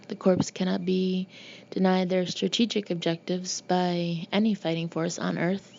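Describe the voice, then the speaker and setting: A woman's voice: medium pitch, vocal fry, mellow, muffled recording, natural voice. A woman voicing a boy giving a mock-solemn military toast at a family dinner, pompous in a playful way, in an audiobook.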